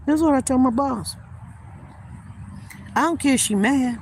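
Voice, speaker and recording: A woman's voice: high-pitched, a little slow, pauses often, a little mellow, slight background noise. A woman hosting a livestream, telling a story emphatically and speaking straight to her viewers in a casual way. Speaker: livestream host.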